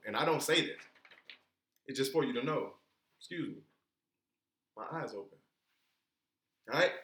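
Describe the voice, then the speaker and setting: A man's voice: fairly high pitch, fairly bright tone. Emphatic man teaching in an echoey room. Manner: emphatic, asks rhetorical questions and answers them; colloquial. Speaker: instructor. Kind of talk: informal teaching talk.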